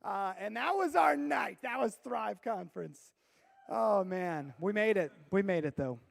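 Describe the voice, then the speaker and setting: A man preaching to teenagers as a youth pastor, telling a long comic story and bursting into shouts for effect. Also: high voice, lively intonation, measured pace, vocal fry.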